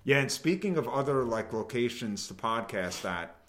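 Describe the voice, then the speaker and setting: A man hosting a casual podcast interview, chatting loosely with lots of filler words in a small quiet room. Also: mid-range voice, animated, moderate pace. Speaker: podcast host.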